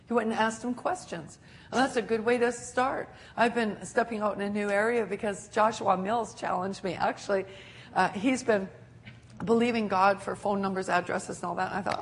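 An older woman preaching a sermon, animated and laughing often as she acts out quotes. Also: medium pitch, normal speed, a little hiss or hum.

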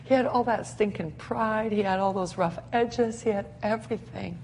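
A woman preaching a sermon in an animated way, laughing often and acting out the scenes she describes. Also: medium pitch, moderate pace, a little hiss or hum.

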